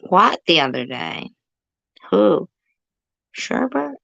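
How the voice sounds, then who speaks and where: Gravelly, forceful woman ranting on a livestream. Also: rumbling low, unhurried, no room sound, lo-fi sound. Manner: profane, confrontational, rambling. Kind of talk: livestream rant. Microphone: phone.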